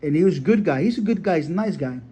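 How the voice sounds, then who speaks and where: Racing along in a slightly high, animated voice that is mellow with a breathy edge, a man who breeds dogs recounts a story. His casual talk is rambling, heavy on "you know," blunt and sprinkled with profanity.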